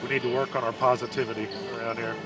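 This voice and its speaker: A man doing color commentary at a high school game, easygoing and halting as he talks. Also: flat delivery, over music. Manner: easygoing, halting, with restarts and laughs. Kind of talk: casual sports banter. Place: school gym.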